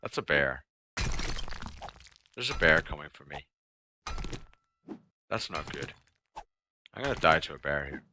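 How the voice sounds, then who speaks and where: A man's voice: rumbling low, lively intonation, a little slow, pauses often. A man casually commenting while he plays a survival game, muttering to himself and humming between remarks. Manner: talks to himself, mutters and hums. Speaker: gamer. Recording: noisy game audio behind.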